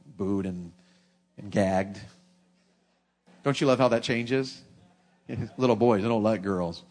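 A middle-aged man, preaching a sermon with folksy, animated humor. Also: mid-range voice.

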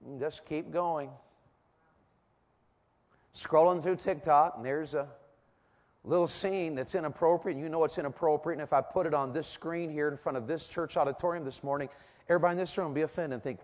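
A man's voice: a little high, fairly even intonation, brisk, a little mellow, in a large hall. A middle-aged man preaching a sermon in a church auditorium, drawing the congregation in with rhetorical questions and call-and-response.

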